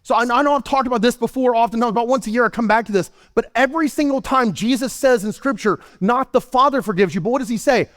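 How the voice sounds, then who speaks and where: A man preaching a sermon as pastor, animated and storytelling. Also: very high voice, fast, hardly any pauses. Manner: animated, storytelling preacher who acts out scenes. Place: church sanctuary. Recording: long hall reverb in a church.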